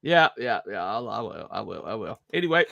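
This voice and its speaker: A Southern US man co-hosts a podcast, chatting casually in a rambling, self-mocking way full of fillers and joking asides. His lowish voice is sing-song, brisk and gravelly, and the dull audio sits over a noisy crowd.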